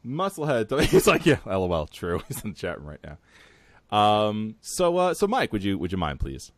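A man's voice: lowish voice, huge pitch swings, moderate pace, no room sound. A man hosting a podcast in casual chat, laughing often. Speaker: podcast host.

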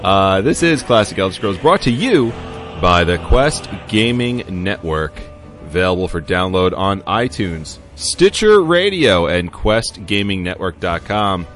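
A man's voice: low voice, big pitch swings, unhurried, a bit bright, faint music behind. A man hosting a casual gaming podcast, with playful radio-style intros. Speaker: podcast host.

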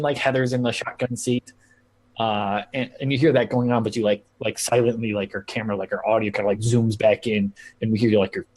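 A man's voice: fairly low pitch, darkish tone. A man running a tabletop game as game master, rambling casually with lots of "like" and filler. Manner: rambling, heavy use of "like", laughing asides.

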